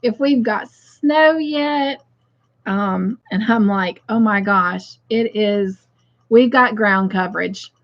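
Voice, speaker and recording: A woman's voice: mid-range voice, slow pace, dull audio. A woman hosting a casual craft livestream, chatting and greeting viewers by name as she reads their comments aloud.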